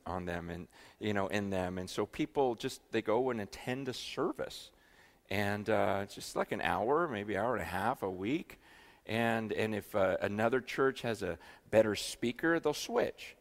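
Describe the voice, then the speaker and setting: A middle-aged man from the United States preaching a sermon, telling a story with lots of repeated words and acted-out quotes. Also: medium pitch. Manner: animated, acts out quoted voices, repeats words.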